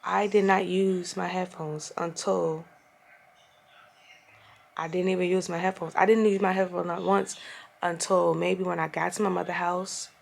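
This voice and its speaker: A woman's voice: fairly low pitch, normal speed, gravelly. A young woman telling a casual, exasperated and profane storytime rant as a vlogger, recorded at home. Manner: exasperated, profane, animated retelling.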